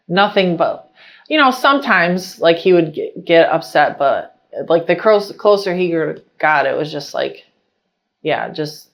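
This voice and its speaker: A young adult woman sharing her personal story in casual talk, chatty and animated, full of fillers as she retells scenes. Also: low voice, creaky. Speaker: interviewee.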